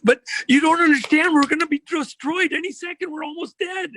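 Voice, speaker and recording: A man's voice: very high voice, steady tone, brisk, pushed and bright, slight background noise, voice pushed up. A man voicing a terrified young male servant who pleads frantically and repeats himself. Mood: panicked.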